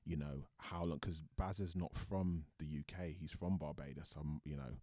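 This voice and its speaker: A man's voice: extremely low pitch, steady tone, normal speed, warm tone, dry recording, clean studio sound. A British man, an actor guest, chatting thoughtfully in an interview and often restarting his sentences. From Britain. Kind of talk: casual interview chat.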